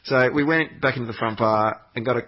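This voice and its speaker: Guy rambling thru a trip story, swears a lot, ums everywhere, kinda husky voice, lo-fi muffled audio. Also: mid-range voice, fast. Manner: meandering storytelling, sweary, frequent fillers and restarts. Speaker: podcast regular. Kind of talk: rambling anecdotal chat.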